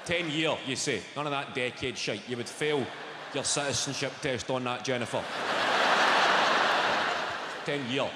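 A man in his thirties with a Glaswegian Scottish accent doing a stand-up comedy set, loud and sweary, teasing the crowd. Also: medium pitch, steady tone, measured pace, long pauses, very noisy. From Scotland. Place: large theatre stage. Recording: echoey hall with loud audience.

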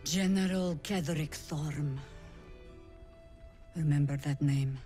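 A woman's voice: deep voice, takes it slowly, mellow, faint music behind. A woman voicing a stern veteran leader of a resistance band in a video game, speaking in a grave, commanding manner with a foreign-sounding accent. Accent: foreign-sounding, not named.

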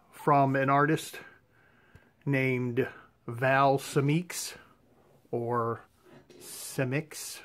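Rambling, hesitant man showing his collection. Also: medium pitch. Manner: rambling, hesitant, lots of fillers and restarts. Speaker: comic art collector. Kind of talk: casual show-and-tell vlog. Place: his own room at home.

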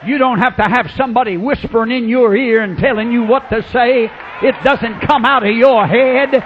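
A high-pitched preacher shouts his sermon in bursts, then drops to a hush. The recording is dull and lo-fi, with a faint hiss behind him. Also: moderate pace. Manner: swings from loud hollering to hushed mimicry. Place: revival tent or church with congregation.

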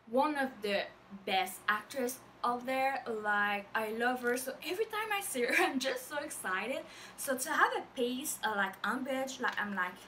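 A woman's voice: fairly high pitch, sharp tone, far from the mic, a little hiss or hum, low-quality recording. A young woman with a French accent, a native French speaker, gushing through a casual unboxing vlog with lots of fillers. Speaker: vlogger.

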